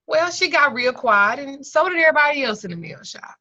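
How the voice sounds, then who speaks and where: Woman, profane storyteller, online class teacher, high-ish bright voice, muffled video-call sound. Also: expressive, a little fast, few pauses, no room sound. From Southern United States. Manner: blunt, profane, theatrical storyteller. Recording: dull lo-fi video-call audio.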